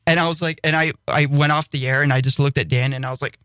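A fairly high-voiced young man telling stories with excitable energy and frequent laughter. He is recorded on a dry, close mic with no room sound, with the easy patter of a radio DJ. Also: fast talker, clean tone, no echo. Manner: excitable storyteller, laughs often. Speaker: podcast co-host and radio DJ. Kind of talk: casual chat.

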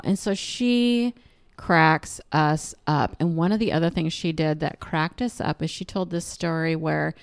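A middle-aged woman chatting casually as co-host, telling family stories and acting out the voices in them. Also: clear, resonant tone. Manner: animated storyteller, acts out quotes with big pitch jumps. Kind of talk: casual chat.

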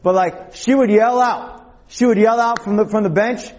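Animated man preaching with a husky voice. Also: high-pitched, normal speed. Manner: animated storyteller, acts out shouted quotes, rhetorical "okay?" and "all right?". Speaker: youth preacher. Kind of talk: sermon with storytelling.

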